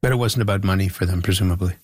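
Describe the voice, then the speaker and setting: A male host interviewing a guest, asking measured questions with small restarts. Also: deep voice, a little mellow, dry recording, studio quality. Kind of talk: radio interview.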